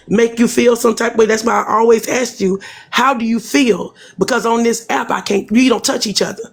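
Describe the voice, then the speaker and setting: A woman with a husky voice, a guest on a livestream, earnestly advising the host and asking repeated questions. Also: on the high side. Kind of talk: casual livestream talk.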